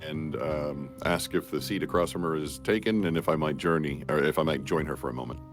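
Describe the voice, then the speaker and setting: Deep-voiced man, formal in-character player. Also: brisk, soft background music. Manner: formal, courtly phrasing. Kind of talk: in-character tabletop role-play.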